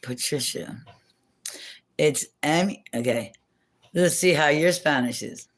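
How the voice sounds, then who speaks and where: A woman's voice: low voice, takes it slowly. A woman hosting a casual livestream from home on her phone, rambling and chatty, laughing often and swearing now and then. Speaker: livestream host.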